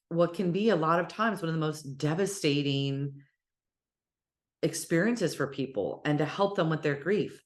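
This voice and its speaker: A woman teaching casually about spirituality, speaking in an animated, encouraging way and sometimes cheering in playful voices. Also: lowish voice. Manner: warm encouraging address.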